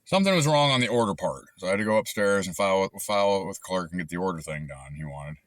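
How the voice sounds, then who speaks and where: A man's voice: sits low, animated, fast, no echo. A man telling a long, frustrated story in a rambling, casual way with lots of fillers and restarts. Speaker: channel host recounting a dispute.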